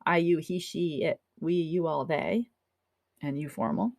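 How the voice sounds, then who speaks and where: Gravelly-voiced woman teaching German. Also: low-pitched, unhurried, a little mellow, no echo, clean studio sound. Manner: chatty, encouraging, checks in with "okay?" and "right?". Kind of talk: classroom lecture over slides.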